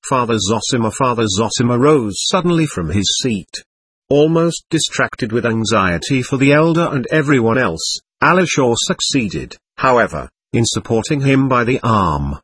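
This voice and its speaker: Guy reading a novel aloud, husky and expressive, dry room. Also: mid-range voice, normal speed, dry recording. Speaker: audiobook reader. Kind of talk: scripted narration.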